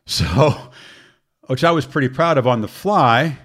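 A man's voice: mid-range voice, slow pace, pauses often. A middle-aged man, a sports broadcaster, chatting casually and telling a funny story with laughter. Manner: animated, laughs while telling stories.

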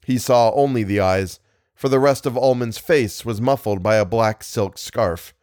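A man narrating a horror story in a measured, deliberate way. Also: mid-range voice, darkish tone, dry recording, clean studio sound. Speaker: podcast narrator. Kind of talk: audiobook reading of horror fiction.

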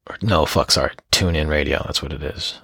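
A man's voice: very deep voice, steady tone, brisk, gravelly, pushed and bright, husky, dry recording, clean studio sound. A man hosting a solo podcast, talking in a rambling, joking way and swearing constantly. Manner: profane, rambling, jokey. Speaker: podcast host.

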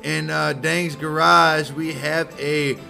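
A man's voice: fairly high pitch, flat delivery, takes it slowly, vocal fry, bright, forceful tone, soft background music. A man, co-hosting a casual podcast from a garage, joking and swearing. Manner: joking, swears casually, puts on silly voices. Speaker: podcast co-host. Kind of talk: casual chat. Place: garage with a pellet stove.

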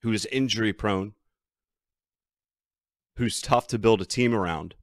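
Man, podcast host, deep voice, dry close sound, emphatic sports rant. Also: unhurried, no echo. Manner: ranting, exasperated, emphatic. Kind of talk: sports betting podcast commentary.

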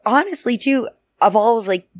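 A woman's voice: a little high, lively intonation, moderate pace, dry recording. A playful woman co-hosting a casual podcast, her voice bouncing up and down as she teases her friends. The recording is close and dry. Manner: playful, teasing, swears freely. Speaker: podcast co-host. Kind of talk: casual chat.

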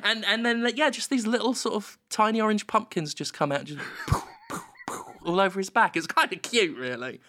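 A young man rambling through a deadpan comedic story in casual chat. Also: high voice, fairly quick, slight background noise.

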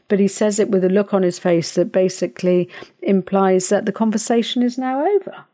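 Chatty woman giving advice. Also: brisk. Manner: chatty, many fillers and restarts, animated pitch jumps. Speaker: podcast host. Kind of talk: casual advice talk.

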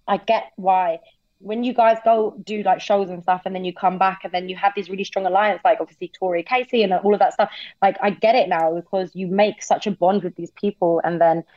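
A woman's voice: mid-range voice, darkish tone, no echo, highs cut off. An English woman guest chatting casually, peppering her talk with "like" and the odd swear word. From England. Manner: chatty, lots of "like" fillers and swearing. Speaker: podcast guest. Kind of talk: casual chat.

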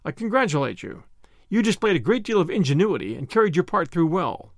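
A man voicing a grave older male lawyer who speaks in a measured, dry way with clipped questions. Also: high-pitched, sing-song, no echo.

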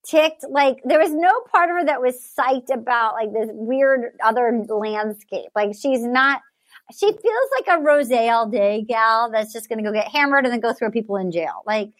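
A woman co-hosting a podcast, casually recapping a dating show in an animated, rambling way with lots of swearing and filler words. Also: on the high side, normal speed, no echo. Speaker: podcast co-host.

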